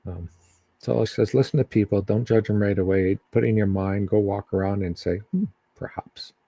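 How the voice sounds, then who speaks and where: A man giving psychic readings on a live stream in a halting, casual way, with many ums and restarts. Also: on the low side, steady tone, vocal fry, mellow, dry recording.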